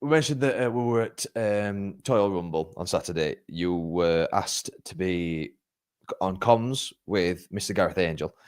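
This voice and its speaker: Very low-voiced man, friendly, halting, from England, podcast interviewer. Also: clean tone. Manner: friendly, stumbling, filler-heavy. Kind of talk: casual interview chat.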